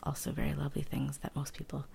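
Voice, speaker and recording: A woman speaking softly and often in a whisper in a gentle ASMR show-and-tell, close to the mic, thinking aloud with hesitant fillers. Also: deep voice, monotone, vocal fry, slight background noise. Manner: whispered and hushed, slow and gentle. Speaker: vlogger.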